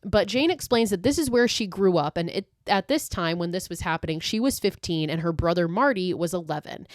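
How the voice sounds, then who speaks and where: A woman's voice: lowish voice, no echo, studio quality. Chatty, swearing young woman recapping a movie. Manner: chatty, swears freely, uses many fillers. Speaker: podcast host.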